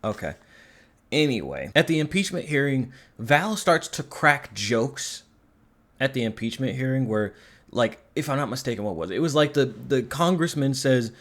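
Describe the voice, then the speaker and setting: A man's voice: medium pitch, very animated, normal speed. A man giving a casual spoken film review, rambling and sarcastic, swearing casually. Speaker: movie reviewer.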